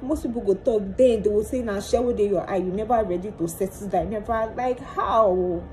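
Speaking at normal speed in a mid-range, darkish voice, this young woman vlogs a tearful monologue about her hurt, her Nigerian accent clear as she mixes Pidgin with Yoruba and keeps asking pleading questions. The audio is low quality with slight background noise.

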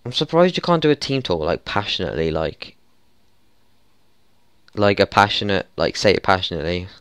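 Exasperated young man, smooth voice. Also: low-pitched, big pitch swings, normal speed, fairly bright tone, no echo, studio quality. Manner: frustrated, swearing, exasperated outbursts. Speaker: gaming YouTuber. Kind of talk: football management let's play commentary.

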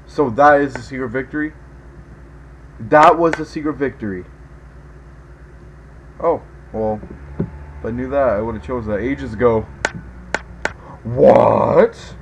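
A man giving let's play commentary as a gaming video host, excitable, yelping and groaning at every mishap. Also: mid-range voice, takes it slowly, creaky, long pauses, dull audio, background noise.

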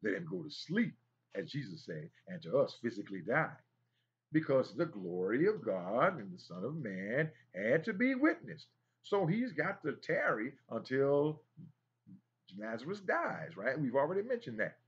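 A man's voice: medium pitch, sing-song, normal speed, husky, muffled recording. A man teaching a Bible study in an emphatic preaching style, repeating phrases and exclaiming as he goes.

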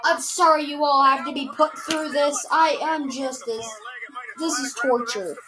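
A woman's voice: high-pitched, steady tone, unhurried, a crowd in the background. A woman giving comedic reaction commentary on a wrestling show, complaining in an exasperated, melodramatic way.

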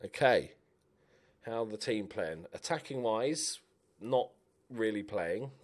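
A young man giving chatty, animated commentary while playing a game, cheering on his players. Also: on the low side, slow pace. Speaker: gaming YouTuber. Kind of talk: casual let's-play commentary.

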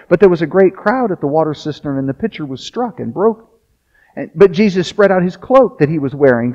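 High-voiced male pastor reading scripture. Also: darkish tone. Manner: casual asides between readings. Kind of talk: sermon, reading scripture aloud. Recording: dull lo-fi sound.

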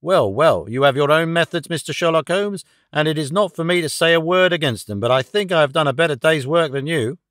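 A man's voice: on the high side, expressive, a bit bright, dry recording, clean studio sound. A man putting on a boastful police inspector. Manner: brisk, self-satisfied. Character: blustering confident male police inspector.

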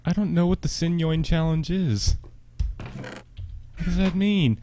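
A man doing casual game commentary on a live stream, chatty with viewers and a co-player, breaking into panicked yelps and shouts. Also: a little high, slow pace.

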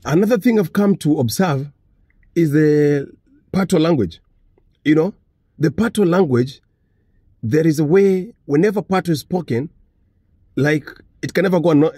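A man's voice: fairly high pitch, dark tone, slightly rough, dry recording, clean studio sound. A man from Africa talking casually to the camera, earnest and repeating his points. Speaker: commentator.

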